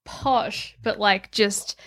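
A woman's voice: medium pitch, steady tone, very slow, a bit bright. A woman chatting playfully at a tabletop game, often giggling. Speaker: player. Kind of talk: casual tabletop role-play chat.

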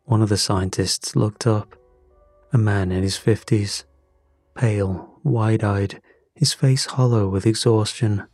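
A man narrating a first-person thriller story in a measured, tense, deliberate way. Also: fairly low pitch, fairly even intonation, darkish tone, no echo. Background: faint music.

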